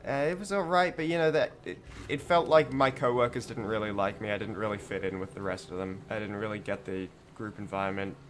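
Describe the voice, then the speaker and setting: A man's voice: on the low side, brisk, few pauses. Groggy man rambling over a game. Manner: rambling, joking asides. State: groggy morning voice. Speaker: game streamer. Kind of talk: casual gameplay commentary. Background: game music.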